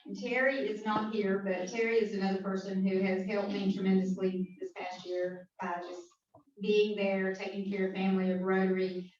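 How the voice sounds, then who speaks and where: A woman's voice: mid-range voice, flat delivery, normal speed, a little mellow. Southern woman presiding at a club meeting, chatty thanks, dull distant room sound. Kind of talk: speech at a meeting. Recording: echoey hall from far off, dull sound.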